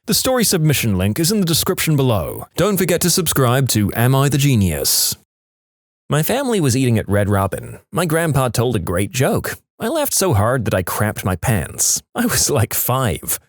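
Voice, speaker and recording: A man reads storytime posts with a lively voice that swings widely up and down. His pitch sits in a middle range, and the sound is dry and close. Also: normal speed, dry recording. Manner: lively, expressive reading. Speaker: narrator. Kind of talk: scripted storytime narration.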